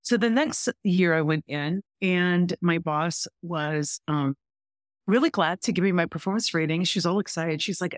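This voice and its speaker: A middle-aged woman, a podcast guest, telling a story in an animated way and acting out both sides of a conversation. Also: fairly low pitch, normal speed, dry recording, studio quality. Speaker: podcast guest, workplace author and speaker. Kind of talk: storytelling interview chat.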